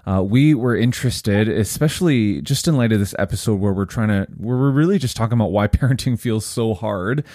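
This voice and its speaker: A man's voice: on the low side, a little fast, hardly any pauses, dark tone, no echo, studio quality. A man hosting a podcast interview who asks questions and affirms his guest eagerly. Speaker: podcast host.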